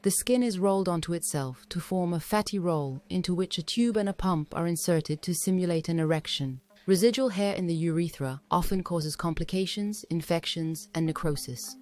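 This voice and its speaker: A woman reading a scripted documentary voice-over in a measured, matter-of-fact way. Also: on the low side, darkish tone. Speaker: documentary narrator.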